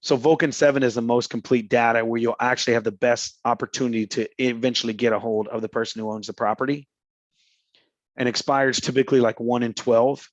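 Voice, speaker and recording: A man talks real estate in a loose, slangy coaching style. He slips into little acted phone calls as he goes. His voice sits at a middle pitch, and the recording is a bit muffled and dry. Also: steady tone, fairly quick, no room sound. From Houston, Texas. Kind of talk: casual coaching talk.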